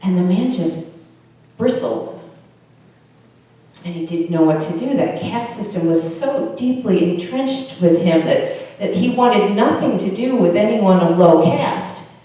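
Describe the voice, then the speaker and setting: A woman pastor gives a relaxed, conversational sermon and checks in with her listeners as she goes. Her voice has a warm, dark tone. It sounds distant and echoey, as though recorded from the back of a church. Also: medium pitch, unhurried. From United States. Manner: conversational, asks the congregation questions.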